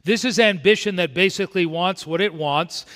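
A man's voice: high voice, normal speed, a bit bright. A man preaching a sermon as pastor, emphatic and repeating his key points. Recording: long church hall reverb.

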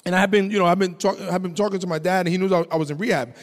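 A man preaching a testimony sermon, telling his story with animated delivery and shouting at high points. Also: rapid-fire, big-room sound.

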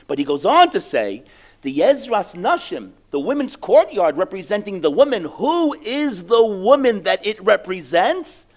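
A man teaching a Torah class, lively, asking questions and answering them himself. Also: high voice. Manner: animated, asks and answers his own questions.

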